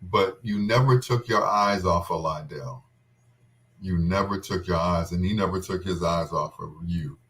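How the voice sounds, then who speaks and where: Low, slow-talking man reminiscing tenderly. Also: a bit bright. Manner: halting, full of restarts and trailing pauses; tender and tearful. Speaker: friend recalling a wedding. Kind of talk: casual heartfelt reminiscing.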